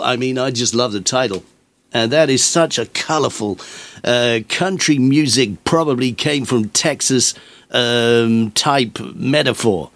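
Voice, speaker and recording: A man's voice: medium pitch, measured pace, a bit bright. An older man hosting a radio music show, chatting casually and rambling with lots of fillers and asides.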